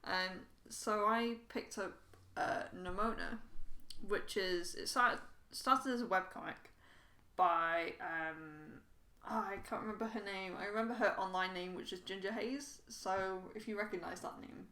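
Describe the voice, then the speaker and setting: A chatty, laughing woman co-hosting a casual podcast, her voice at a middling pitch. The recording picks up a roomy echo around her. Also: a little slow, bright, forceful tone. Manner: chatty, laughing, goes high when quoting characters. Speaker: podcast co-host. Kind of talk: casual chat.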